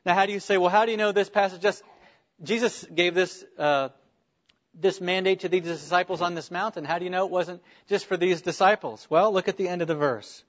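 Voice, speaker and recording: A man's voice: sits high, fairly even intonation, a little fast, highs cut off. A man preaching a sermon as a pastor, earnest, with rhetorical questions and small restarts.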